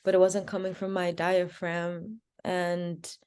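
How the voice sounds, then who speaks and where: A woman's voice: lowish voice, slow pace, clear, resonant tone. A young woman from Providence, Rhode Island, a podcast guest telling her story with lots of "like" fillers and acted-out dialogue. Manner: animated, acts out quoted dialogue, many "like" fillers. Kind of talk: storytelling in an interview.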